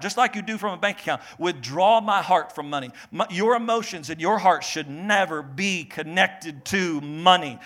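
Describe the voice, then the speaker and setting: High-voiced animated male preacher. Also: a little fast, hardly any pauses. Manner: animated preaching with acted-out quotes and jokes. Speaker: pastor. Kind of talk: sermon.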